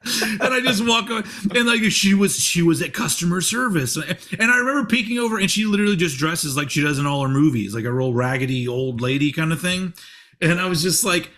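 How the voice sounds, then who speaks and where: A man's voice: high-pitched, fairly quick, pushed and bright. Forties guy hosting a podcast, rambly, swears a lot, laughs at his own stories. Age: 40s. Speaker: podcast host. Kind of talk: casual chat.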